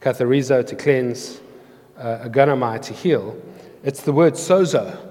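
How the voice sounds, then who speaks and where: A man's voice: mid-range voice, measured pace, a little mellow. A man preaching a sermon in an earnest, storytelling way, explaining words of scripture. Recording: long hall reverb.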